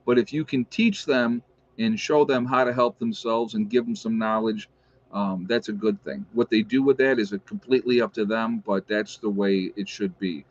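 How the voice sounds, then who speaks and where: A man hosting a casual livestream, chatting and reading out viewer shout-outs with opinionated asides. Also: fairly low pitch, fairly even intonation, normal speed. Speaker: livestream host. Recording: dull lo-fi stream audio.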